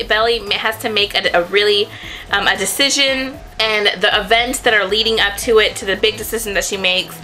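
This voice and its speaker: Young female vlogger, casual and rambling, bright tone, light music bed underneath. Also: fairly high pitch. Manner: chatty, rambling, self-correcting. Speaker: book vlogger. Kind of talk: casual chat to camera.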